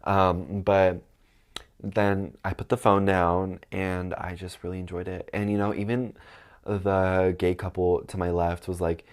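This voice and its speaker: A man's voice: low voice, level tone, measured pace. A young man vlogging in casual chat, rambling with lots of ums and likes, sounding stuffed up. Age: young adult.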